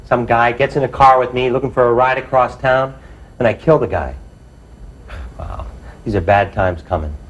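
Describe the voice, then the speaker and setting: A man's voice: medium pitch, normal speed, long pauses, dull audio. A man telling his own true story to an audience, plain-spoken and reflective, often saying "you know".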